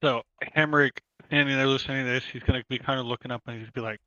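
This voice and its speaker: A man narrates his character's actions at a tabletop game in a bright, forceful voice. He talks in a loose, halting way, with plenty of fillers. The mic sounds dry and a little muffled. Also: medium pitch, steady tone, no room sound. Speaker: player.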